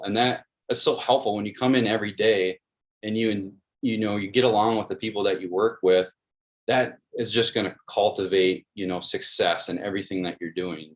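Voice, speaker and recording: A man in his thirties talks as an interview guest in a lowish voice. He is earnest and friendly and tells stories at an everyday pace. He restarts his sentences often and leans on "you know". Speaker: guest, sports video producer. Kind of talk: casual interview storytelling.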